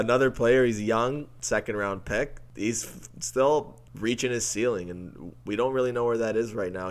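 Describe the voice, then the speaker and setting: A man co-hosting a casual sports podcast, easygoing and ribbing his partner drily. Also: lowish voice. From Canada. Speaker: podcast co-host.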